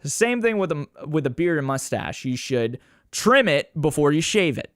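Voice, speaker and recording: A young podcast host chats solo and casually at normal speed, his voice a little high. He rambles, swears, ridicules himself, and lively mimics people by raising his voice, captured in a dry studio-quality recording.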